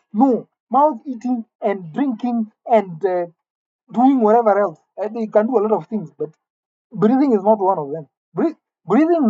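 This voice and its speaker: A woman delivering a mock-serious comic rant, indignant and halting, often repeating her words. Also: mid-range voice, dark tone, breathy edge, dry recording, dull audio. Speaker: comedic vlogger.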